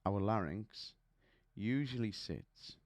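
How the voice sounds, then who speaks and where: A man's voice: fairly low pitch, animated, slow, no echo. A man teaching singing technique, chatty and explaining with demonstrations and little stories. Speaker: vocal coach. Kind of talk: singing lesson to camera.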